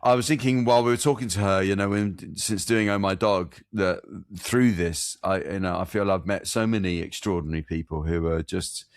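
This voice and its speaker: A man co-hosting a podcast, chatty and quick to laugh, with frequent restarts. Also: low voice, fairly even intonation, clear, resonant tone, no room sound, studio quality. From United Kingdom. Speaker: podcast co-host. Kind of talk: casual chat.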